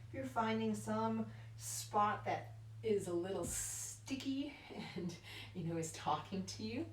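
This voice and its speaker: Female yoga teacher, calm and encouraging, mid-pitched, recorded a little off-mic with room echo. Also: slow, slight background noise. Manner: calm, encouraging, often adds "right?". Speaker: yoga instructor. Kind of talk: guided yoga class. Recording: roomy echo, mic at a distance.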